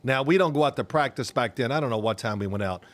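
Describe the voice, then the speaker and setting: Older man, podcast co-host, former quarterback, animated storyteller. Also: mid-range voice, fast. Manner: animated storyteller who acts out quoted voices. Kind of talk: casual chat, storytelling.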